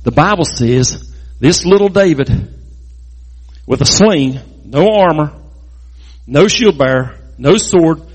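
A man telling a Bible story in a lively, folksy way, adding sound effects and jokes. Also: fairly high pitch, slow, pauses often, slightly rough.

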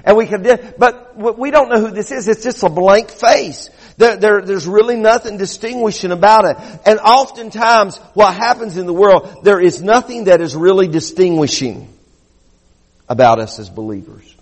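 A middle-aged man, a pastor, preaching a sermon with slow, emphatic stresses and repeated phrases. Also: high voice. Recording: long hall reverb.

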